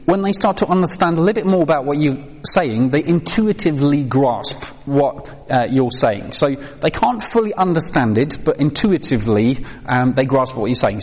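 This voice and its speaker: A mid-range voice with a breathy edge belongs to a man presenting a training talk on children's faith to a live audience. In the reverberant hall he stays conversational, using many fillers and putting questions to the room.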